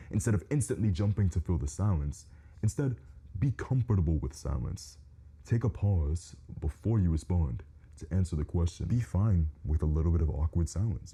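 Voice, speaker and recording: A man giving steady, direct advice as a communication coach in a direct-to-camera instructional talk. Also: rumbling low, breathy edge.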